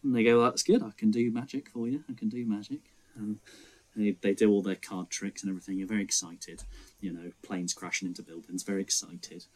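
A man's voice: on the low side, steady tone, fairly quick, darkish tone. A young man co-hosting a casual film debate podcast, who acts out scenes in mocking voices. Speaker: podcast co-host.

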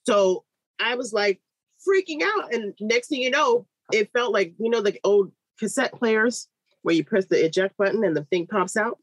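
A woman in her thirties tells a long personal story in an interview, slipping into other people's voices as she goes. Her voice is slightly husky, and the sound is close and dry with no room around it. She speaks as a midwife. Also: mid-range voice, normal speed, dry recording, rough recording. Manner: lively, animated storytelling with quoted voices.

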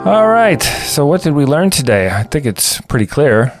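A man's voice: mid-range voice, very animated, normal speed. Chatty man co-hosting a music podcast. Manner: chatty, laughing easily, jokey. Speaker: podcast co-host. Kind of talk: casual chat.

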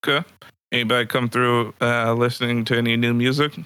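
A man's voice: mid-range voice, flat delivery, fairly quick, sharp tone, clean tone, dry recording. Laughing, foul-mouthed man co-host. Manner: laughs often, swears freely, retells stories. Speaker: podcast co-host. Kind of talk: casual comedic chat.

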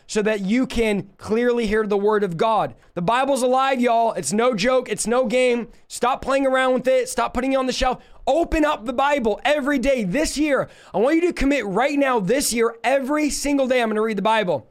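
Young male preacher, high voice, fast fervent conversational sermon with call-outs. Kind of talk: livestream sermon.

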